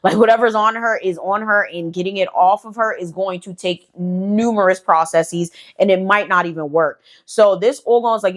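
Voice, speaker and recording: A woman's voice: on the low side, moderate pace, few pauses. Chatty woman telling a story. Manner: chatty, swears freely, fillers like "you know". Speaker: storytime channel host. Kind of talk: casual storytelling vlog.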